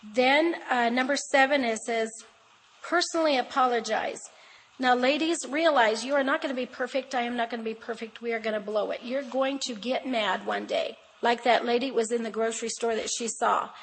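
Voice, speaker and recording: An older woman with a slightly high voice gives a conversational, sermon-like talk to a room of women. She speaks directly to her listeners, emphatic and homespun, weaving in stories about her own family. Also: steady tone, moderate pace, slight background noise, low-quality recording. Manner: chatty and emphatic, addressing the audience directly; homespun storytelling with family anecdotes. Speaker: guest speaker at a women's conference.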